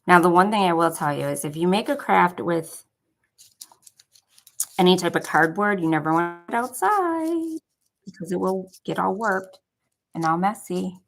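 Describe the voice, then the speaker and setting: A woman's voice: on the low side, big pitch swings, normal speed, gravelly, long pauses, poor audio. A young woman from Buffalo, New York with a Buffalo accent, chatting casually and rambling through a crafting tutorial. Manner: chatty, rambling, many filler likes. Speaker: craft vlogger.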